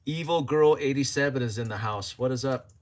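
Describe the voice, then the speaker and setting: A man's voice: mid-range voice, brisk. Joking man hosting a livestream. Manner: chatty and joking, laughs often. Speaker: livestream host. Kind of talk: casual livestream chat, reading viewer comments.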